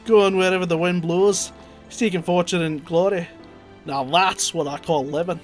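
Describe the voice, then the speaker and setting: Old peddler, man doing a shaky Scottish accent, folksy, high-ish voice. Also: steady tone, moderate pace, faint music behind, close to an everyday voice. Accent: put-on Scottish, wavering. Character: chatty old male traveling peddler. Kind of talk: reading game dialogue aloud.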